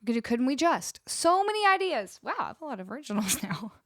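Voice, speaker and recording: Bubbly high-voiced woman streamer. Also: sing-song, a bit bright, no room sound, studio quality. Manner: bubbly and effusive, quick to laugh. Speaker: singer-songwriter streamer. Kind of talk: casual chat with live viewers. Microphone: close studio microphone.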